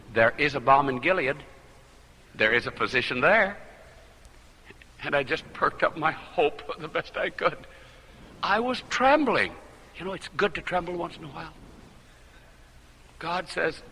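A man preaching a sermon, telling a story and moving between loud exclamations and hushed, confiding words. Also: on the high side, husky, long reverb tail, poor audio.

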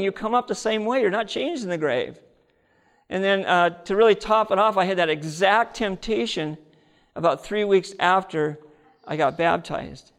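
A man's voice: sits high, a bit bright. A man telling his conversion testimony as a sermon, earnest and storytelling, speaking straight to his audience. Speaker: preacher giving his testimony. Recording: long hall reverb.

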